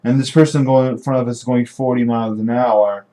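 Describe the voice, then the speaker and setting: A man's voice: mid-range voice, fairly even intonation, a little fast, mellow. A young man talking casually to camera in a rambling, meandering way, often restarting his sentences. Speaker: vlogger. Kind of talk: casual vlog monologue.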